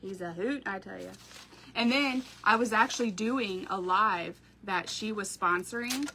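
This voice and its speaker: A woman's voice: medium pitch, measured pace, pushed and bright, a little hiss or hum. A woman, hosting a craft live stream from home, chatting to viewers, telling stories and laughing often. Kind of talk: casual live-stream chat.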